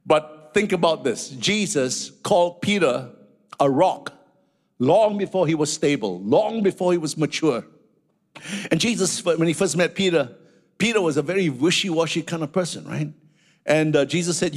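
A man preaching a sermon as pastor, animated and storytelling, dropping frequent hallelujahs. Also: on the high side, moderate pace.

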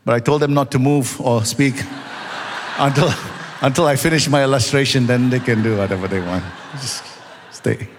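Animated preacher in a reverberant church. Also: male voice, medium pitch, moderate pace, noisy background. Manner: animated storyteller, shouting at the climax. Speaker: pastor. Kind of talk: sermon. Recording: long hall reverb in a church.

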